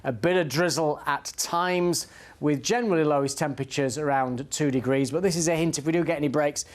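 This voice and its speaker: Brief: male weather presenter, conversational and easygoing. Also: a little high. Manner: relaxed, conversational, dry. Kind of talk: TV weather forecast.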